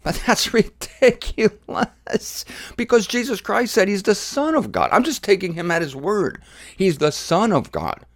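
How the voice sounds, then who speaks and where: A middle-aged man preaching an informal sermon series, conversational and animated, mimicking his critics. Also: sits high, normal speed, no room sound, clean studio sound.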